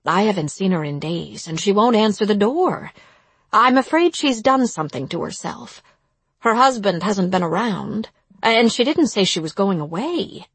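A woman voicing an anxious elderly female neighbor who pleads in a worried, husky voice, reading a story aloud. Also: medium pitch, lively intonation, moderate pace, no room sound.

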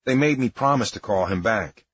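A man's voice: fairly low pitch, expressive, moderate pace, a bit bright, breathy edge, dry recording. A man narrating a memoir in a wry, matter-of-fact storytelling manner. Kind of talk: memoir audiobook reading. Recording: dry, dull lo-fi recording.

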